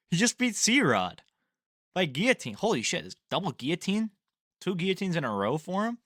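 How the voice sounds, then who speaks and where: A man's voice: high voice, sing-song, moderate pace, pauses often, a bit bright, no echo, clean studio sound. A young man giving casual solo fight predictions, rambling, swearing and laughing at his own slips.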